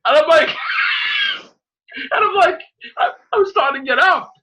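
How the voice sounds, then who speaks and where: Excitable, swearing New man. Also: very high-pitched, a little slow, shouting, low-quality recording. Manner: excitable, profane ranting. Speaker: show host. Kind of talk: casual podcast chat.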